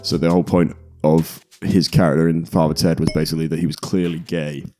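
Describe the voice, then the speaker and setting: A young man co-hosting a casual comedy podcast, laughing often and telling animated stories. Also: extremely low pitch, a little fast, soft background music. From Britain. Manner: laughs a lot, animated storytelling with put-on character voices. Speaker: podcast co-host.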